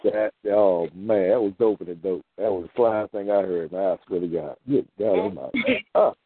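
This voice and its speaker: Excitable man on a tinny phone line. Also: lowish voice, normal speed, slight background noise. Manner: excitable, exclamatory, full of slang praise. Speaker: open mic poet. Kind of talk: casual chat on a call.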